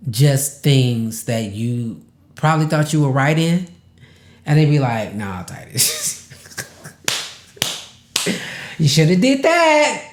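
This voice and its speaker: A man hosts a podcast in a slow, unhurried way, speaking from the heart and fighting back tears. He stresses words by repeating them. His voice rings in an echoey room. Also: mid-range voice, a little mellow. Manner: emotional, close to tears, laughing through it; casual, repeats words for emphasis. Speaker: podcast host.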